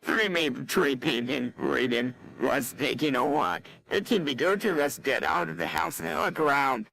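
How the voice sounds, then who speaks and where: A text-to-speech voice playing a dim, earnest teenage boy from a cartoon, with a flat synthetic delivery. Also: mid-range voice, normal speed, creaky, exaggerated voice. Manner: flat synthetic voice, stumbling over words.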